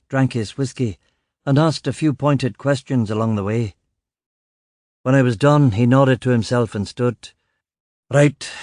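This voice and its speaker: Brief: male narrator, wry and matter-of-fact, mid-pitched, dry close sound. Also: a little mellow, no echo. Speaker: audiobook narrator. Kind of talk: first-person audiobook narration.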